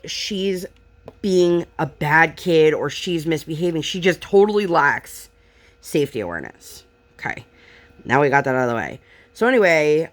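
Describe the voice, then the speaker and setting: Woman, young adult, Pennsylvania accent, fairly low pitch, casual vlog chat, frustrated retelling, fillers. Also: a bit bright. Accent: Pennsylvania American. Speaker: vlogger and mother. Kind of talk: casual storytelling chat while crafting. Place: home craft table.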